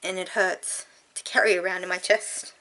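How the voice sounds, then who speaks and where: A tearful woman talking frankly and earnestly to camera in a personal vlog, halting and sighing. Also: lowish voice, level tone, sharp tone. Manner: earnest and heartfelt, halting with sighs. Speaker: vlogger.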